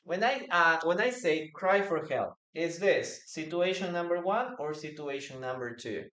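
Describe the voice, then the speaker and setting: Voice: medium pitch, expressive, a little slow, fairly bright tone. A teacher gives a live online English lesson, repeating example phrases and reading out student comments. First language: Spanish.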